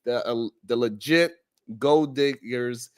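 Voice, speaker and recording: A man's voice: mid-range voice, slow pace, smooth. A man hosting a live talk show, recapping the week's stories with jokes, frequent laughter and mocking quoted voices. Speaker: show host. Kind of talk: comedic recap of the week's shows.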